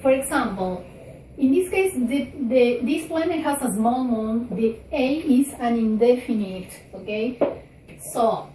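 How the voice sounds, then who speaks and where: A woman teaching a recorded English grammar lesson, talking slowly with frequent fillers and "okay?" checks. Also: on the high side, animated, dark tone. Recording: echoey room, distant mic, faint noise.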